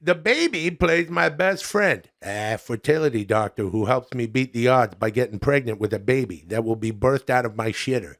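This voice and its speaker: A man doing a comedic impression of a goofy middle-aged comedian reviewing restaurants, drawn-out and sing-song, calling everyone pal and buddy. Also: mid-range voice, lively intonation, fairly bright tone. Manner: ends lines with "pal" and "buddy".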